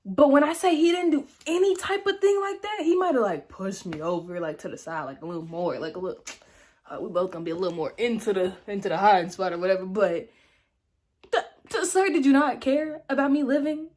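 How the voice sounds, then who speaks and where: A young woman telling a storytime vlog in a chatty, slangy way, with sudden dramatic jumps in pitch. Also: fast talker, a little mellow. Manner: slangy casual speech. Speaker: vlogger.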